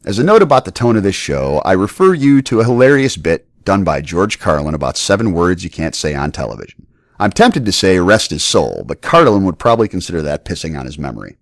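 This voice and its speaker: A man's voice: low voice, very animated, a little fast, no room sound, clean studio sound. A middle-aged man hosting a podcast, giving a blunt, profane and playful scripted monologue. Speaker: podcast host.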